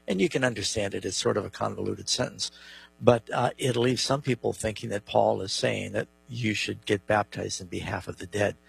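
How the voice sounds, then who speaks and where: Radio Bible show co-host, male, gravelly and husky tone, dry studio sound, explains and reads scripture. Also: fairly low pitch, dry recording, rough recording. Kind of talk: radio call-in Bible answers.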